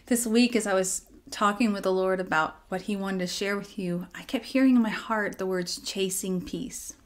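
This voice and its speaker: Brief: woman devotional speaker, chatty and personal, acts out her inner dialogue, softens to a near-whisper at tender moments. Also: mid-range voice, fairly quick.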